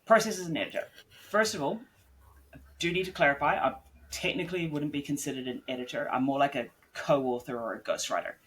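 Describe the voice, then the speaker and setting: A man's voice: a little high, fairly quick, fairly bright tone. A man on a casual podcast interview, talking bluntly and swearing freely, rambling with lots of "like" as he explains his work. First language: English. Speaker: guest author and editor.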